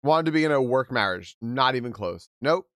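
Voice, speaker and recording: A man's voice: mid-range voice, lively intonation, brisk, fairly bright tone, dry recording, studio quality. A young man hosting a livestream, reading a post aloud and reacting in casual chat, laughing often and restarting his sentences. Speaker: livestream host.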